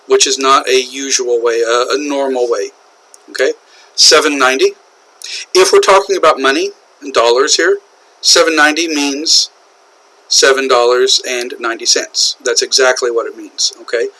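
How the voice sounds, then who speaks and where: A man with an American accent teaching English usage, explaining slowly and repeating key phrases, often checking in with "okay?". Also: mid-range voice, bright, forceful tone, rough recording. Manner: slow, repetitive explaining with frequent "okay?" checks. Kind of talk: classroom lecture on English usage.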